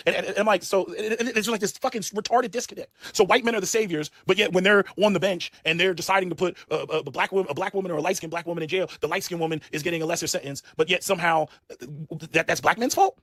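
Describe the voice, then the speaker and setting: Fast-talking man ranting, dry close sound. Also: high voice, no echo. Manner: profane, repeats and stumbles, rising to shouts of disbelief. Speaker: host. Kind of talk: heated commentary rant.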